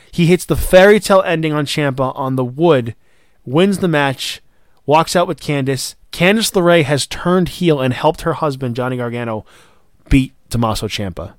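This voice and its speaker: A man co-hosts a casual wrestling review podcast, getting excited, swearing and acting out what the wrestlers said. His voice is a little high and clean, recorded at studio quality with no echo.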